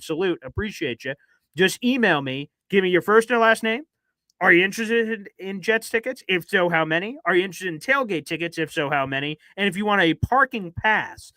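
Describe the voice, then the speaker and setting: A fast, chatty man hosting a live sports stream, his voice high and bright. The sound is dry and close. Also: dry recording. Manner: fast-talking, energetic, chatty. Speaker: podcast host. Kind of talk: casual live-stream chat.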